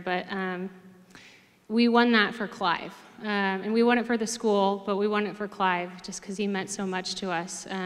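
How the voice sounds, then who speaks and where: A middle-aged woman, a former player and coach, telling lively stories with many fillers in an interview. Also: mid-range voice. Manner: animated storyteller, many fillers. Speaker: hall of fame inductee, former player. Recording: reverberant hall.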